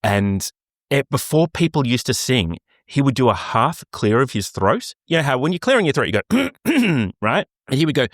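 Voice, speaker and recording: A man in his forties, an opera singer co-hosting a casual podcast chat, telling animated stories and breaking into short sung snippets. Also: mid-range voice, moderate pace, no room sound, clean studio sound.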